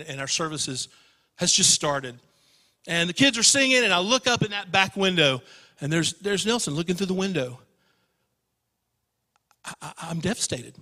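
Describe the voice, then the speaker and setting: A man preaching a sermon in a church, telling an emotional story and swinging from loud passages to hushed ones. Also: high-pitched, big-room sound. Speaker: pastor.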